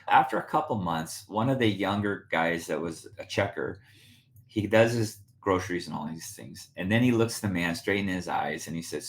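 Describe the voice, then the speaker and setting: A man hosting a podcast, telling a casual story with lots of laughing and acted-out quotes. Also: sits low. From United States. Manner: animated, laughing, acts out quoted voices. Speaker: podcast host. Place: Spokane, Washington.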